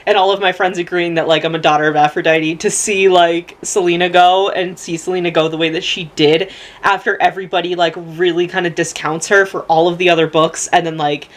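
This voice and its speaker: A woman's voice: on the low side, fairly even intonation, fairly quick. A young woman rambling emotionally in a casual book review vlog, swearing freely and close to tears. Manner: rambling, gushing, profane, many fillers. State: close to tears, laughing through crying. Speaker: book vlogger.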